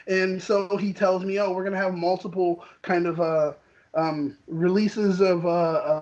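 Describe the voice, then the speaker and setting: A man's voice: high voice, little pitch movement, a little slow, a little mellow, lo-fi sound. Heated man ranting on a podcast. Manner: heated, indignant, quotes people in voices. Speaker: co-host. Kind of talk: casual podcast rant.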